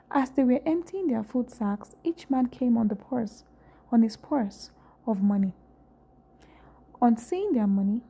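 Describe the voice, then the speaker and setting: A woman reading scripture aloud at a steady, unhurried pace. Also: a little high, husky. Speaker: scripture reader.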